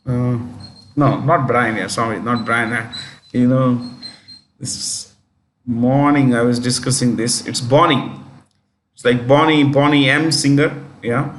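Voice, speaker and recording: Male test-prep teacher with an Indian English accent, mid-range pitch, chatty and repetitive, corrects himself aloud while addressing students. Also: a bit bright, roomy sound, slight background noise. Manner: speaks directly to students. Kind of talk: current affairs lesson.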